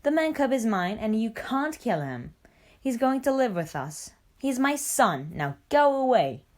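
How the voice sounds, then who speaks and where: A woman's voice: mid-range voice, expressive, measured pace, a little mellow. Mother Wolf, a woman playing a brave wolf mother. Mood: fierce. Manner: bold, protective. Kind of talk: storybook reading.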